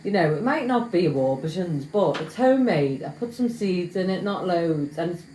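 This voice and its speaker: A woman's voice: fairly low pitch, expressive, moderate pace, few pauses, mellow, a little hiss or hum. Chatty woman cooking at home. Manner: chatty, self-mocking, talks to viewers while cooking. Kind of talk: casual cooking vlog. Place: home kitchen. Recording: echoey kitchen with clattering pans.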